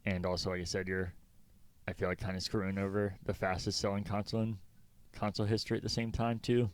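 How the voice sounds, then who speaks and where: A man co-hosting a casual gaming podcast, giving relaxed, rambling opinions. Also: on the low side, quick pace, no room sound. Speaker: podcast co-host.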